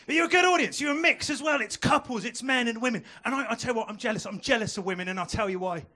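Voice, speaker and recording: A young man works the room in a stand-up set, talking in a high, bright voice into a handheld stage mic. He chats with the crowd and throws in quick asides. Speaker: stand-up comedian. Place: comedy club stage.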